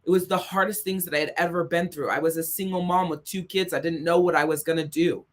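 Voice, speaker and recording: A woman's voice: fairly low pitch, fairly even intonation, fast. Woman life coach delivering a blunt, profane motivational talk that hammers its points home. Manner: blunt, emphatic, heavy swearing; repeats points for emphasis. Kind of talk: motivational monologue.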